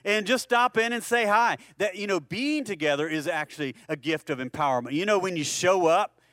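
A male pastor delivering a sermon with a fairly high voice. He talks to the congregation in a conversational way, throws rhetorical questions at them and repeats words when he restarts a phrase. The sound is dry and close. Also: fairly bright tone, no room sound.

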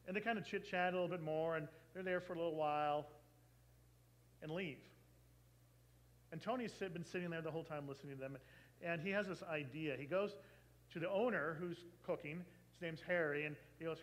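High-voiced man telling a sermon story. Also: a little fast, rough recording. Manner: animated storyteller, acting out quoted voices. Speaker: pastor.

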